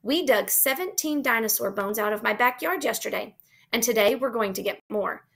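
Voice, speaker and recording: A woman's voice: a little high, normal speed, vocal fry, a bit bright. A woman reading aloud, voicing an eager, insistent young schoolgirl in a storybook. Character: bold excitable young schoolgirl.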